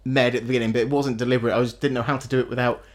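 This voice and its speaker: A man's voice: mid-range voice, level tone, rapid-fire. A man co-hosting a casual film review chat, opinionated and blunt, often restarting his sentences with a chuckle. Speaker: podcast co-host.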